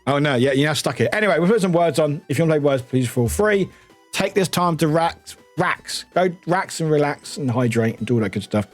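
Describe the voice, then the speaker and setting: With a brisk, expressive, slightly high voice, this UK streamer chats easily with his viewers. There's plenty of laughter and swearing as he reads chat aloud, and faint music sits in the background.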